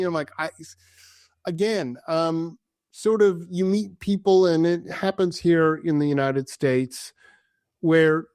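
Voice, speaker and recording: A man's voice: a little high, steady tone, unhurried, a little mellow, no echo, studio quality. A man as a podcast guest, telling travel stories with enthusiasm and acting out the dialogue. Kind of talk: casual storytelling in an interview.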